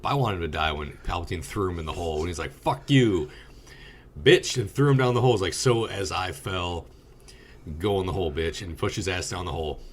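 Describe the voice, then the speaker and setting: A man's voice: deep voice, fast talker, few pauses, a little hiss or hum. A man co-hosting a podcast, reviewing a movie in casual chat, blunt and profane as he tells stories. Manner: blunt, profane, animated storytelling. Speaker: podcast co-host.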